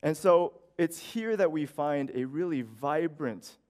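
A man's voice: on the high side, a little slow, darkish tone. A man in his thirties preaching a sermon as pastor, earnest and conversational, often checking in with "you know" and "right?".

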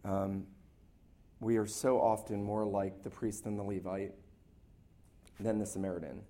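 A man with a fairly low, dark voice preaches a sermon to his church congregation as pastor. His tone is level and his pace measured, yet he's earnest and emphatic, piling up short, repeated phrases.

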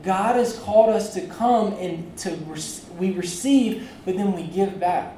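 A preacher talks through a sermon in a loose, chatty way, often turning to the congregation. The voice is soft and mellow. It comes from well back from the mic and rings around a roomy sanctuary, with faint ambient noise under it. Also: medium pitch, a little slow, far from the mic. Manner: conversational, chatty, addresses the congregation directly. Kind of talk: casual sermon with personal story. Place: church sanctuary.

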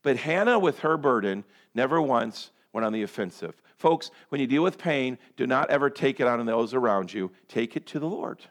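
A man preaching a sermon who swings between loud and hushed delivery and acts out prayers and quoted lines. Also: mid-range voice, expressive, moderate pace, hardly any pauses. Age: adult parent. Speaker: pastor.

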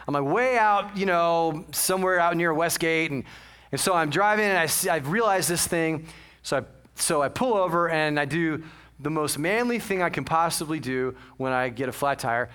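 A man's voice: on the high side, sharp tone. A man preaching a sermon in a casual, chatty storytelling way, self-mocking and full of asides. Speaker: pastor.

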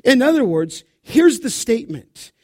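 Intense high-voiced preacher, dry sound. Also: male voice, very animated, measured pace, darkish tone, no echo. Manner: intense, emphatic, addresses the congregation directly. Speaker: pastor. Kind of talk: expository sermon. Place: church sanctuary.

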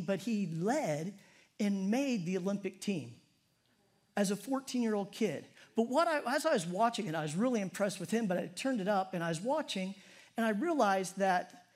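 Middle-aged guy preaching, kinda high voice, chatty and jokey. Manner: conversational and humorous, prayer drops soft and low. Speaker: pastor. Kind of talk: sermon.

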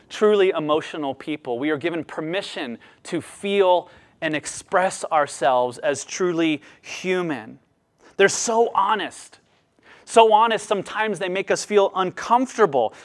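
A man preaching a sermon as a pastor, speaking expressively with lively rises and drops. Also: on the high side.

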